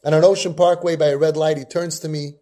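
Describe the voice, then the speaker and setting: A man with a slightly high, level, mellow voice speaks fast as host of a parenting podcast. As a parenting guide, he tells a long personal story sprinkled with Yiddish and Hebrew terms.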